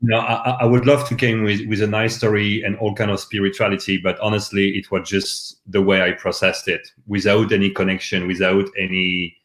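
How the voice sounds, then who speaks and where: A man's voice: lowish voice, little pitch movement, fairly quick, few pauses, fairly bright tone, roomy sound. A man from France with a French accent, a guest talking candidly and animatedly in a casual live chat.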